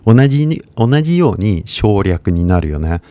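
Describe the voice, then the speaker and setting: A man with an American English accent and Kansai Japanese, teaching in a casual live-stream lesson, switching between English and Japanese and talking in a relaxed, mumbled way. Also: sits low, fast talker.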